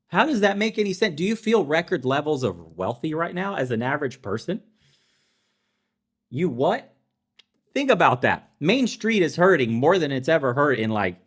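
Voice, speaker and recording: A young adult man hosting a podcast, ranting in heated political commentary with sarcastic, profane, mocking asides. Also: medium pitch. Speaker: podcast host.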